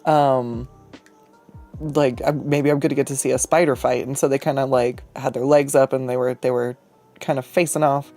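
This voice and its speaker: A streamer chats loosely while drawing, rambling through an anecdote with frequent swearing and laughter. The voice sits in a middle pitch. Soft music plays quietly behind. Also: fairly even intonation, normal speed. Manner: rambling, profane, laughs often. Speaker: artist and streamer. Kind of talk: casual storytelling while drawing.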